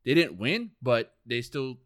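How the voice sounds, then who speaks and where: Animated man hosting a casual podcast. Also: mid-range voice, unhurried, no room sound, studio quality. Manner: animated, swears casually, eager. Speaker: podcast host. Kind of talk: casual chat.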